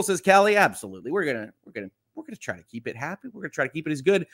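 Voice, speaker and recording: A man's voice: mid-range voice, very animated, very fast, a bit bright. Chatty man hosting a morning livestream. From Michigan. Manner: chatty, reads viewer comments aloud with quips. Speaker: livestream host. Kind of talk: casual morning livestream chat.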